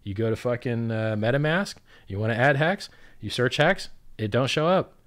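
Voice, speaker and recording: A man in a loose, profane conversational rant, his voice jumping between loud exasperated bursts and low, grumbling asides. He mimics others sarcastically and swears in nearly every sentence. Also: expressive, normal speed. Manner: swears constantly, loud outbursts and sarcastic quotes. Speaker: crypto project founder, guest. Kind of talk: profane animated ranting in casual chat.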